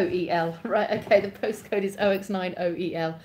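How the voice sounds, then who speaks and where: A woman's voice: fairly low pitch, steady tone, normal speed, vocal fry, hardly any pauses, a little mellow, slight background noise. A woman from Oxfordshire with an English accent, chatting casually on a live stream, rambling and correcting herself as she answers viewer comments. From Oxfordshire, England. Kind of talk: casual chat reading viewer comments aloud.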